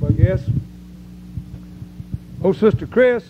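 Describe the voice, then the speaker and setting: A man's voice: high-pitched, moderate pace, very noisy. An older man preaching to his congregation, telling folksy, rambling stories with frequent praise interjections. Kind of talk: sermon testimony to a congregation. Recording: tinny lo-fi tape.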